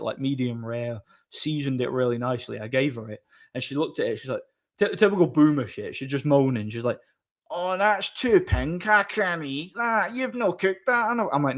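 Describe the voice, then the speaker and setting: A man chatting casually on a live stream, opinionated and rambling, often repeating words as he thinks. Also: medium pitch. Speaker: streamer host. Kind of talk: casual chat answering viewers.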